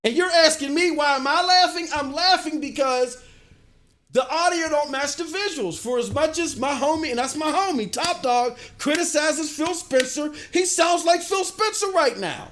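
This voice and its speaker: A middle-aged man streaming games, ranting and answering his chat in an animated way. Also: extremely high pitch, moderate pace. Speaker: gaming streamer. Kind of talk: livestream commentary, answering chat.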